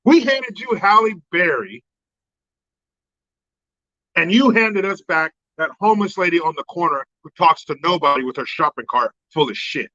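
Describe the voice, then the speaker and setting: A man ranting sarcastically through a profane political monologue. His voice runs high and sharp. It is recorded dry with a slightly dull, lo-fi tone. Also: sing-song, moderate pace, no room sound. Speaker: host.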